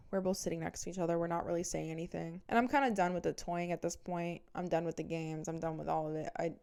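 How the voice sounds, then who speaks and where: A woman, telling a profane, animated story as a podcast host and acting out both sides of the arguments. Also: fairly low pitch, vocal fry, clear, resonant tone. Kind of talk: casual storytime monologue.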